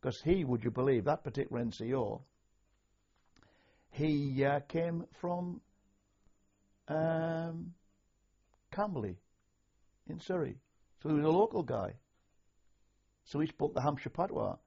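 An older man from north-east England, an army veteran, recalling his service in a measured, anecdotal way for an oral history interview. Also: on the high side, animated, vocal fry, mellow, slightly rough. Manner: measured, anecdotal, slow when quoting orders. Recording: dull lo-fi recording.

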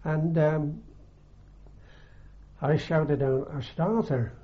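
An older man with a halting, unhurried way of talking, full of ums and restarts, recalling his army days in an oral history interview. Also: mid-range voice. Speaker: veteran interviewee. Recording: dull lo-fi archive tape.

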